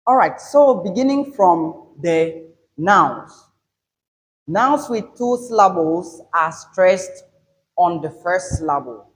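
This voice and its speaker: A man teaching an English pronunciation lesson, explaining step by step, repeating his points and stressing example words loudly. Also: high voice, expressive, takes it slowly, rough recording.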